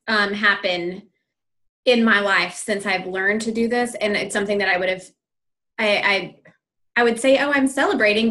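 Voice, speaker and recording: A woman podcast host with a mid-pitched voice. She reacts with enthusiasm and often restarts her sentences as she works her way toward a question. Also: pushed and bright. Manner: enthusiastic, halting restarts when asking questions. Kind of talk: casual interview chat.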